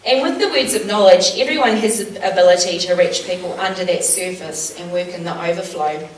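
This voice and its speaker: A woman's voice: lowish voice, fairly quick. Earnest New woman preaching in a roomy space. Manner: earnest, animated storytelling with frequent fillers. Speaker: church speaker. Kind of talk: teaching with personal testimony. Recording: roomy sound from a distant mic, faint background noise.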